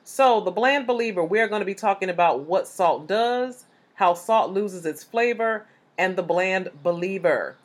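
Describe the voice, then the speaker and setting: A woman's voice: mid-range voice, moderate pace, few pauses. A congested woman hosting a faith-based podcast, explaining scripture in an earnest, teaching way. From Chicago area. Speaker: podcast host.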